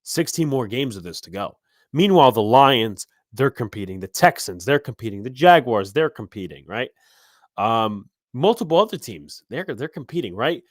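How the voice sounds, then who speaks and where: A man hosting a live sports podcast, ranting heatedly and profanely about his team, his voice swelling loud when angry. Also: medium pitch, very animated, moderate pace, no room sound, studio quality. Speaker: podcast host.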